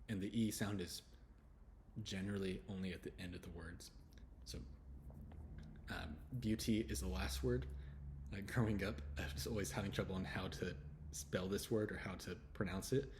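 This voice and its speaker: A man with a Texan accent and a very low voice walks through English letter sounds, repeating each one slowly in a relaxed, chatty way. A faint background hum sits under his voice. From Texas. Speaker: English pronunciation teacher. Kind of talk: casual pronunciation lesson.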